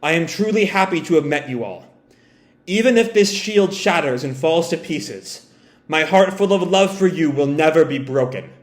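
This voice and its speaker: A man reading as a gentle motherly android woman. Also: a little high, lively intonation, normal speed, close to an everyday voice. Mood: tender. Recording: roomy echo.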